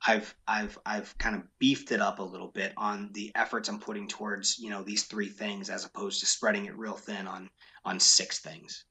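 A man's voice: fairly low pitch, flat delivery, normal speed, bright, forceful tone. A man who owns a business, talking frankly and emphatically in a casual interview, often repeating his key points. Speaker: business owner.

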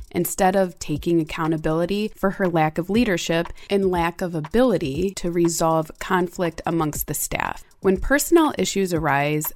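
A woman giving measured, analytical scripted commentary. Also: fairly low pitch. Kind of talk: scripted narration.

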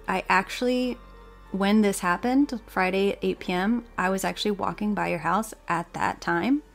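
A young woman hosting a podcast, telling a story in a casual, animated way, often laughing and acting out the people she quotes. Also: medium pitch.

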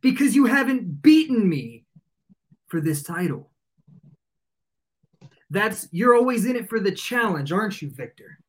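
A man with a high voice cuts a cocky wrestling promo. He taunts his rival with a menacing, smug edge. His delivery sounds like a guest on a wrestling podcast. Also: big pitch swings, a little slow, pauses often.

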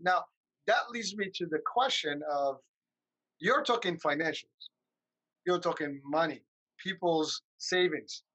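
A man's voice: fairly high pitch, a bit bright, rough recording. A man hosting a podcast, upbeat and talkative, asking long rambling questions. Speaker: podcast host. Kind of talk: casual interview chat.

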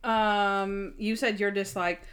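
Animated young woman co-hosting a chat. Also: medium pitch, takes it slowly. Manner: animated, acts out characters' lines. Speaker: podcast co-host. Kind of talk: casual chat.

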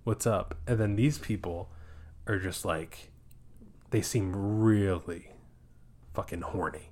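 A man co-hosting a casual movie review podcast, retelling scenes in an animated way and acting out quotes. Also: sits low, slow pace. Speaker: podcast co-host.

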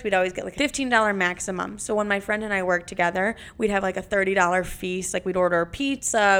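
A young adult woman hosting a podcast, telling stories in a casual, animated way, swearing freely and saying "like" a lot. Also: medium pitch. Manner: animated, jumps into acted-out voices. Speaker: podcast host. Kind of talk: casual storytelling.

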